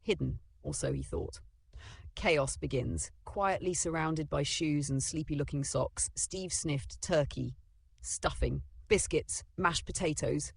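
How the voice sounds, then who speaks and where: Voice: mid-range voice, takes it slowly, creaky, husky, dry recording. A narrator reading a children's storybook in a dramatic, playful way.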